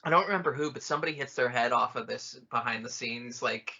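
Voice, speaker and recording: A man's voice: medium pitch, fast, vocal fry, pushed and bright, husky, muffled recording. A man co-hosting a podcast, chatting casually and jokingly over a film, swearing often. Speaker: podcast co-host. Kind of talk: casual film commentary chat.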